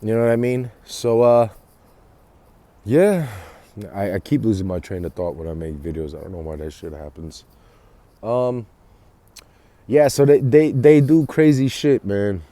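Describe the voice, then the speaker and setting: A man's voice: on the low side, measured pace, pauses often, dark tone, no echo. A man talking to camera in a rambling, profanity-heavy monologue, often restarting his sentences. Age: adult with children. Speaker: vlogger. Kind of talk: casual monologue.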